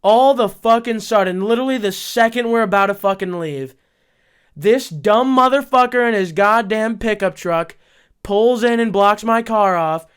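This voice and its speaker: A young man co-hosting a podcast, telling a story in casual chat, profane and excitable, laughing often. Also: high voice, normal speed, smooth. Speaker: podcast co-host.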